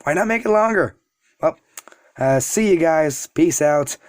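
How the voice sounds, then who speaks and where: A man's voice: fairly high pitch, animated, a little slow, no echo, studio quality. Rambling man telling a fan story. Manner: rambling, self-deprecating asides. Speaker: YouTube storyteller. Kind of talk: casual storytelling.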